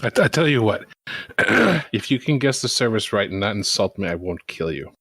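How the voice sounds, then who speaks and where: A man's voice: on the low side, animated, brisk, fairly bright tone, no room sound, studio quality. A man, a player in a tabletop game, speaking in character with a commanding, menacing manner. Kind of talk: in-character tabletop role-play.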